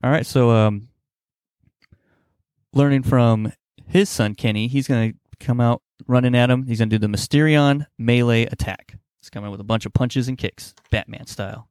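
A man's voice: mid-range voice, moderate pace, darkish tone, clear, resonant tone, dry recording. A man co-hosts a casual podcast and gives jokey play-by-play of a dice battle, breaking into laughter often. His voice sits in the middle range. The sound is dry and close, with no room in it. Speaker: podcast co-host.

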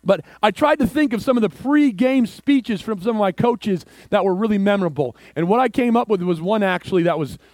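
High-voiced preacher telling a story. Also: male voice, brisk, few pauses, no echo. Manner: storytelling, swings from hushed to excited. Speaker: pastor. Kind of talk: sermon.

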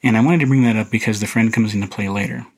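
A man hosting a podcast, casually talking through a film in a relaxed, rambling way with many fillers and restarts. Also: fairly low pitch, racing, slightly rough, rough recording. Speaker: podcast host reviewing a film. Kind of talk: casual solo film commentary.

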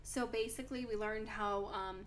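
A woman's voice: mid-range voice, steady tone, normal speed, slight background noise. A young woman co-hosting a podcast, chatting casually and telling stories with lots of "like" fillers. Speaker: podcast co-host. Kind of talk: casual chat.

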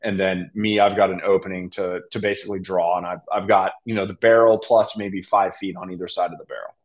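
A young man telling a hunting story in a casual podcast chat, animated and laughing, acting out what others said. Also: low-pitched, a little fast. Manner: animated, laughing, acts out quotes. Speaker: podcast guest.

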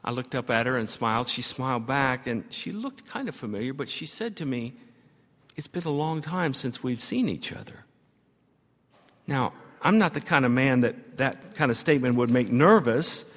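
A man's voice: mid-range voice, animated, moderate pace. Man preaching in an echoing church. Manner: storytelling, builds to emphatic repeated phrases. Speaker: pastor. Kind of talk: sermon. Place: church sanctuary. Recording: long church reverb.

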